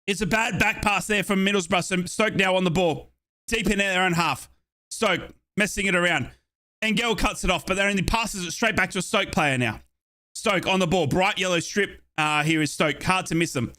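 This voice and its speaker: A young Australian man giving chatty, excitable live play-by-play of a football match as a fan commentator, with playful asides. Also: high-pitched, moderate pace.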